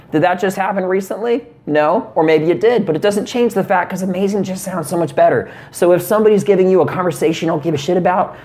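A man giving comic relationship advice in a sarcastic, deadpan way, with casual profanity. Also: fairly high pitch. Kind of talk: comedic advice monologue.

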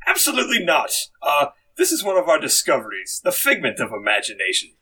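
A man's voice: a little high, huge pitch swings, quick pace, bright, forceful tone, husky, full character voice, rough recording. A man voicing a pompous, fussy chairman of a theme park ride, with a stiff announcer delivery. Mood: dismissive.

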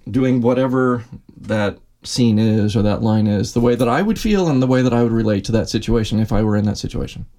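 Gravelly-voiced chatty man. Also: medium pitch, a little fast, hardly any pauses, dark tone. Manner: chatty, laughs often, acts out quotes. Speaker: actor and podcast guest. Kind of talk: casual conversation.

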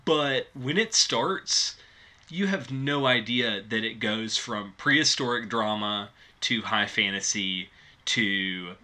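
A man's voice: on the low side, takes it slowly, pushed and bright. A man in casual movie review chat, wry and informative, laughing easily. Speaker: podcast co-host.

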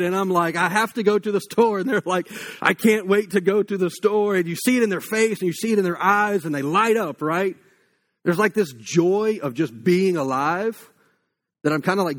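A man, giving a casual, story-filled sermon full of fillers. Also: high voice. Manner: casual and anecdotal, many fillers like "like" and "you know". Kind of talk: conversational sermon.

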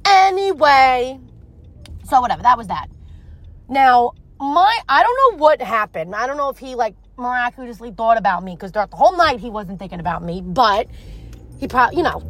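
High-voiced young woman ranting. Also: normal speed. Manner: animated, profane and rambling. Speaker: storyteller. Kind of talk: casual storytelling.

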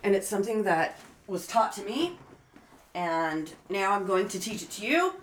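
A woman's voice: mid-range voice, moderate pace, slight background noise. Blunt, foul-mouthed woman explaining. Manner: blunt, heavy swearing, animated explaining. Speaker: friend giving advice. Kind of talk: casual chat.

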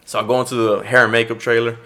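A man's voice: medium pitch, very fast. A middle-aged man, an actor and podcast guest, casually telling a story and acting out the dialogue. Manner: lively storyteller who acts out quoted dialogue.

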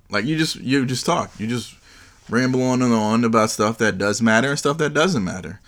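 A man's voice: medium pitch, a bit bright. A man hosting his own solo podcast, chatting casually in a joking, rambling way. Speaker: podcast host.

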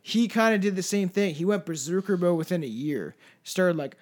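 A man's voice: high voice, animated, moderate pace. A man co-hosting a casual true-crime podcast, joking and swearing as he talks through cases. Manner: profane, joking, trails into mumbles. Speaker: podcast co-host.

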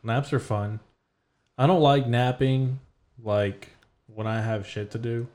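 A man's voice: medium pitch, fairly even intonation, slow, darkish tone. A man hosting a podcast, chatting casually in a loose, profane, laid-back way. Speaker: podcast host. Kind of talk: casual chat.

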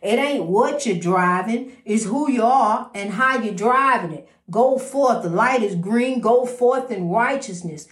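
A woman's voice: on the high side, animated, unhurried, few pauses. Woman giving a preachy inspirational talk. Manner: preachy, repetitive, calls the listener "honey". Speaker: host of an inspirational program. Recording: roomy echo.

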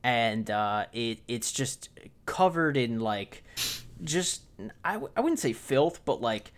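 A man in a relaxed movie-review chat, talking at an ordinary middle pitch. He recaps scenes in an animated way and drops into quick impressions of the characters, swearing freely as he goes. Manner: animated retelling, acting out lines with swearing. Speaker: podcast co-host.

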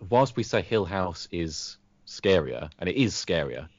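A British man with a very deep, low voice chats casually on a podcast, enthusing about a TV show. He often repeats words as he gathers his thoughts, and the sound is dry and a little muffled. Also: very animated, a little slow, no echo. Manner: enthusiastic, repeats words while searching for them. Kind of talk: casual chat reviewing a TV show. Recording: dry, dull lo-fi audio.

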